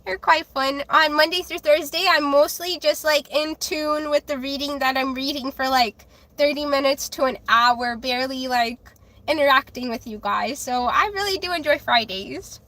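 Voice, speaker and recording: A woman's voice: high-pitched, normal speed, sharp tone. A woman tarot reader chatting casually on her live stream. She talks bluntly and defensively, with lots of fillers and restarts.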